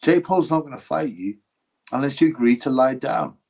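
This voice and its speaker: A man's voice: mid-range voice, normal speed, gravelly, darkish tone, breathy edge, low-quality recording. A man hosting a casual boxing livestream, reading chat and giving blunt, mocking opinions.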